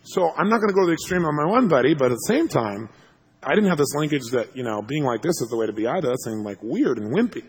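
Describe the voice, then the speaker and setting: A man telling a story to an audience as a motivational speaker, animated and laughing as he acts out what people said. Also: fairly high pitch, fast talker, slightly rough.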